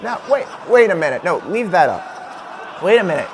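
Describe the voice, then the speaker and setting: A man's voice: high-pitched, sing-song, moderate pace, long pauses, some chatter behind, a little hiss or hum. A man hosting a comedic home-made late-night talk show, joking through product listings and laughing at his own bits. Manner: jokey, laughs at his own bits, stretches words for emphasis. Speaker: host.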